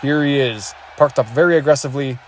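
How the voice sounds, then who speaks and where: A man giving energetic play-by-play commentary on a race as the show's host, calling lap times and cheering the drivers on. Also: mid-range voice, quick pace, a little hiss or hum.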